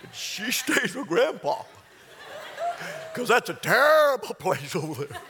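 A man voicing his elderly father, a loud, overjoyed grandfather who exclaims with laughter. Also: sits high, very animated, a little slow, in a large hall, pitched above the performer's own voice, exaggerated voice. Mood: protesting. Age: older.

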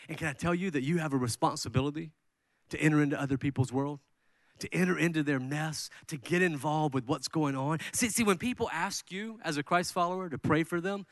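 Animated man preaching a sermon. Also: a little high, no room sound, clean studio sound. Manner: animated, mimics people with raised voice. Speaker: pastor.

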